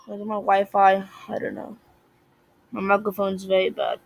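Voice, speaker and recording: A young woman giving casual commentary while playing a puzzle game, excitable, swinging from muttering to shouting at the game. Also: medium pitch, normal speed, creaky, long pauses, husky, dry recording, low-quality recording. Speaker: gaming video creator.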